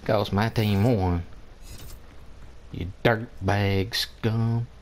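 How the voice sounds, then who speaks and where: A man's voice: lowish voice, fairly even intonation, very slow, darkish tone, slight background noise. A man giving casual commentary over his own online shooter match, trash-talking opponents and laughing often. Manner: playful trash talk with frequent laughter. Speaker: gameplay commentator.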